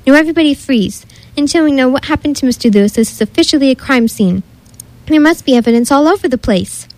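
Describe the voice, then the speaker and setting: A woman's voice: high voice, animated, quick pace, darkish tone, dry recording, poor audio. A woman voicing a serious boy detective.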